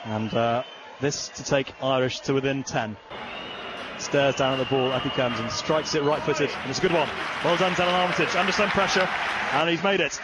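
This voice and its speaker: A man giving play-by-play rugby commentary, calm in lulls and rising to excited shouting when the play breaks open. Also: mid-range voice, moderate pace, over a noisy crowd. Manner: rises to excited shouting on big plays. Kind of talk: sports commentary. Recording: broadcast with stadium noise behind.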